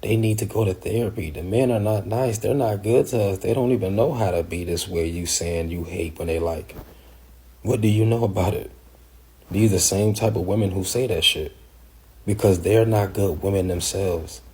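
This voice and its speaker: Super deep husky guy, blunt, swears, just talking straight. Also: normal speed, darkish tone. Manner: blunt and profane. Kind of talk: casual commentary.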